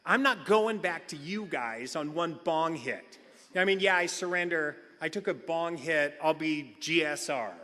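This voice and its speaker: Middle-aged man, comic recovery share, bright forceful voice, big hall reverb. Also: fairly high pitch, unhurried. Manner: animated comic storyteller, acts out quotes. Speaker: recovery meeting speaker.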